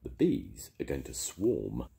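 An older man voicing a clever, calm young cabin boy. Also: very deep voice, slow pace, vocal fry, heavily acted. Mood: sensible.

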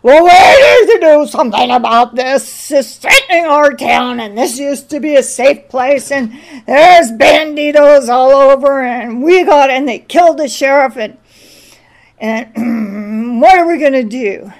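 A woman's voice: sits high, lively intonation, unhurried, low-quality recording. A woman voicing a pompous small-town mayor who pontificates in a raised voice. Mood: alarmed.

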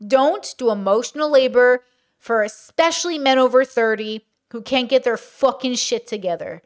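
A woman giving casual reaction commentary, blunt and animated, with plenty of slang. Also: a little high, normal speed. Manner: blunt, animated, slangy, says bro a lot. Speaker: commentary creator.

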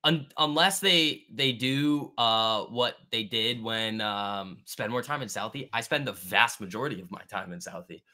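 A man with a bright, forceful voice hosts a live trading stream. He talks loosely and casually, full of slang, answering viewers' chat as he goes. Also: fairly low pitch, moderate pace, few pauses. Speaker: trading livestream host.

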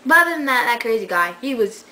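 A woman's voice: a little high, big pitch swings, fast, pushed and bright, poor audio. A young woman vlogging at home, telling a story in a sarcastic, casual way with plenty of swearing, recorded on a webcam.

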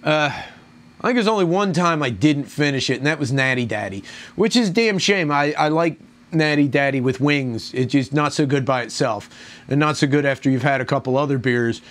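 A man's voice: fairly high pitch, expressive, brisk, fairly bright tone. A man reviewing a beer on his own, rambling, groaning and complaining in crude language. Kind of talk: casual solo review.

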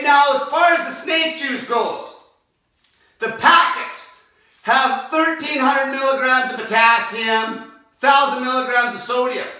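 A man with a high-pitched, piercing voice tears into his audience with nonstop profanity and frequent shouting. He sounds aggressive and relentless. The recording is boomy and echoey, and he stands some distance from the mic. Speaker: diet vlogger. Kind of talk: profane fasting rant.

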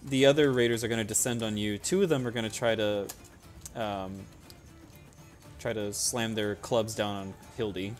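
A young man runs a tabletop game as game master, narrating the action in an animated, loose way. He laughs often and leans on fillers and casual swearing. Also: fairly low pitch, normal speed, soft background music.

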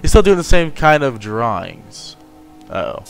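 Young male gamer, unhurried, lively pitch, easily spooked commentator. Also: vocal fry, soft background music. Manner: jittery, swearing, yelps when startled. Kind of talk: horror game commentary.

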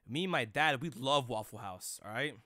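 A man's voice: medium pitch, animated, normal speed, sharp tone, no room sound, clean studio sound. A young man streaming live, chatting loosely with chat in rambling, profane slang.

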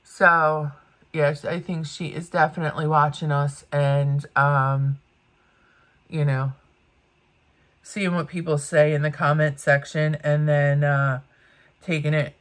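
A woman's voice: sits low, little pitch movement, slow, long pauses, a bit bright. A woman in her fifties doing get-ready-with-me commentary, blunt and ranting, swearing freely. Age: 50s. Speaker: beauty vlogger.

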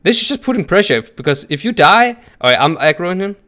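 Excitable man cheering on a co-op game. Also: sits high, brisk. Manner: excitable, laughs often, cheers loudly. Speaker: co-op gaming partner. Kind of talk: live gameplay chat.

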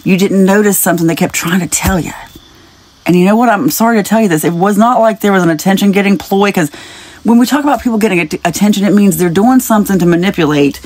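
A woman's voice: medium pitch, quick pace, a little mellow. A woman giving a casual spiritual reading straight to the viewer. She chats and rambles, wanders into side stories and laughs lightly between thoughts. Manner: speaks directly to the viewer, wandering off into tangents. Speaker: spiritual message reader.

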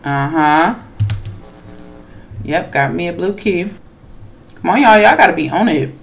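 A gamer narrates a scary game in a chatty, slightly nervous let's play commentary and keeps talking back to the characters on screen. The delivery is unhurried, and hushed asides sit between louder moments. Faint noise and soft keyboard typing run underneath. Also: mid-range voice, animated, vocal fry. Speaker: gamer playing horror games.

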